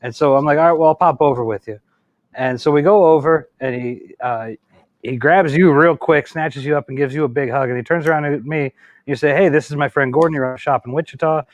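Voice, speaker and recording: A man hosting a casual chat, retelling a shared memory in a quick, friendly way and asking his guest questions. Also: a little high, dry recording.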